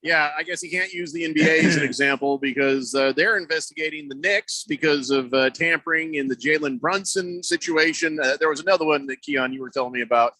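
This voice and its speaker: Bright-voiced man hosting sports radio. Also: a little high, fairly quick, hardly any pauses, dry recording. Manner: animated, laughing, mocking impressions. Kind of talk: casual sports talk.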